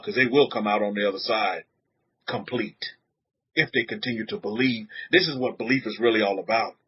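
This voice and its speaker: A man preaching a sermon to a congregation, animated, repeating words and putting questions to the room, on a dull lo-fi recording. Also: mid-range voice, breathy edge. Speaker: rabbi teaching a congregation.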